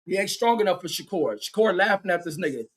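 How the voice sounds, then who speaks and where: High-voiced man calling a fight excitedly. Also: fast. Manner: excitable, profane, cheering on one fighter; reads viewer chat aloud. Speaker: livestream boxing commentator. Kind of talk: fan play-by-play commentary.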